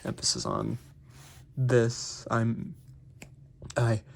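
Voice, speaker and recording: A man's voice: medium pitch, flat delivery, extremely slow, gravelly. A young man giving a casual, rambling book review, packed with fillers and restarts. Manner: rambling, heavy on fillers like "like" and "basically".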